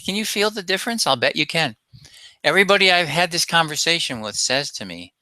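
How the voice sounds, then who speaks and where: A man's voice: fairly high pitch, expressive, brisk, sharp tone, dry recording. A man presenting a self-help webinar as a coach, talking emphatically and asking rhetorical questions.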